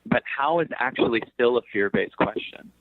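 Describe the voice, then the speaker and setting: A man's voice: medium pitch, moderate pace, dry recording, narrow, tinny audio. A man speaking as a guest on a talk show, explaining ideas with jokes and acted-out inner voices. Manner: animated, jokey, acts out inner voices. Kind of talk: motivational talk.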